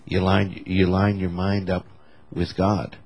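A man's voice: low-pitched, flat delivery, slow pace, a little mellow, slightly rough. A man explaining a Bible word step by step as a co-teacher in a conversational teaching.

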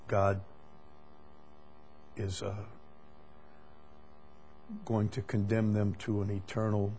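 Pastor, male, low voice, unhurried conversational Bible teaching, repeats himself. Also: little pitch movement, mellow, slight background noise. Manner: deliberate, repeats words, frequent "uh" fillers.

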